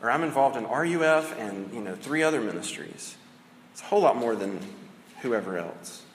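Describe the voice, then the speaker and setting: A man's voice: medium pitch, animated, moderate pace, long reverb tail, slight background noise. A man preaching a sermon as a pastor, conversational and casual, often saying "like" and "right?".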